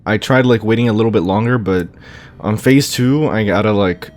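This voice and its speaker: A man's voice: fairly low pitch, moderate pace, darkish tone, slight background noise. A young man commenting on a horror game as he plays, talking to himself, groaning and exclaiming when things go wrong. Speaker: gameplay commentator. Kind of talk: let's play commentary.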